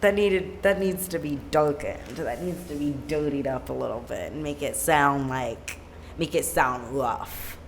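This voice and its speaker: In a home room set against a plain white backdrop, a musician rambles casually on a live stream, leaning heavily on "like" as filler. The voice is medium-pitched and measured in pace, with a faint hiss or hum in the background.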